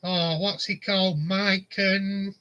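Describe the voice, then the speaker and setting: A man's voice: high voice, level tone, takes it slowly, sharp tone, dull audio. A man, casually telling rambling anecdotes and chuckling often. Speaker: vlogger. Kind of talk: casual storytelling.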